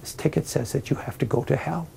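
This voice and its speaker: Stern old gatekeeper saint, priest doing the voice, mellow and gravelly, solemn. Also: male voice, a little high, fast, slight background noise.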